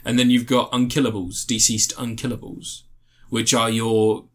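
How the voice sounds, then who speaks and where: A man's voice: medium pitch, little pitch movement, moderate pace, fairly bright tone, slightly rough. Rambling casual man reviewing comics. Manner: rambling, swears freely, slangy. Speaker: podcast co-host reviewing comics. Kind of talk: casual chat.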